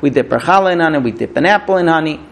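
Middle-aged non-native English-speaking man, gravelly, a touch high for a man, halting storyteller giving a casual sermon. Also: expressive. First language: not English. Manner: halting restarts, storytelling, acts out quoted voices. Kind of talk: informal sermon with stories.

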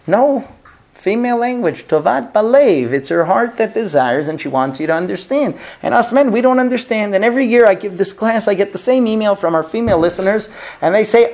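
A man's voice: high voice, moderate pace. A middle-aged man teaching a recurring class as a rabbi, telling funny stories and acting out the quoted lines. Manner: animated storyteller, acts out quoted dialogue. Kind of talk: lively classroom lecture with humor.

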